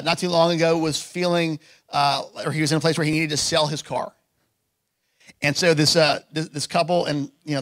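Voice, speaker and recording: A man's voice: a little high, a bit bright, no echo, clean studio sound. A man preaching a sermon as pastor, telling stories in a loose conversational way with many restarts. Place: church.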